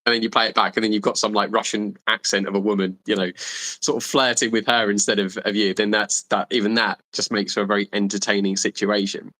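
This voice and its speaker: A man speaking as a coaching guest in a casual podcast conversation, rambling and animated with many restarts. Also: fairly low pitch, a little fast, poor audio. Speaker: dating and charisma coach guest.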